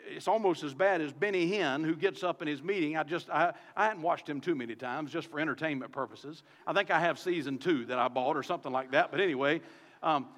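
A man preaches a sermon into a microphone in his church sanctuary; he's a pastor with a Southern US accent, talking conversationally to the congregation and asking many rhetorical questions. The voice is on the high side, a bit bright and a little fast, heard in a large hall.

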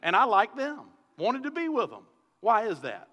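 This is a man with a Southern US accent, a pastor preaching on a microphone to his congregation in the church sanctuary, talking conversationally and posing many rhetorical questions. He sounds very high-pitched and very animated at a moderate pace, bright and forceful, in a large hall.

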